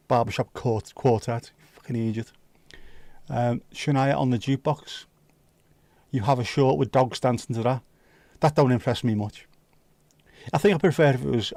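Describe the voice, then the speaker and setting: A man hosting a livestream, chatting casually with viewers and cracking sweary jokes and quick asides. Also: medium pitch, gravelly, a little mellow, no room sound. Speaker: livestream host. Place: home livestream setup.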